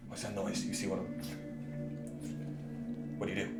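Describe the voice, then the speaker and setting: A man's voice: sits low, completely flat delivery, moderate pace. A man narrating a tabletop game as game master, describing scenes with many fillers. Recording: roomy with music behind.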